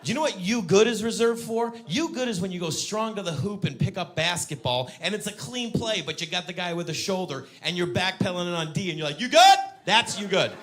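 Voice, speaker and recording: A man's voice: high voice, fairly quick, few pauses, fairly bright tone. A man doing a stand-up comedy set, chatting with the audience and acting out scenes with exaggerated lines. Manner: banters with the audience.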